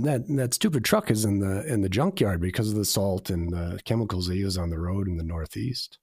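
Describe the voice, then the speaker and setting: A man's voice: low-pitched, animated, moderate pace, a little mellow, slightly rough, no echo, studio quality. A man in a reflective faith conversation, speaking earnestly and confessionally, repeating phrases for emphasis.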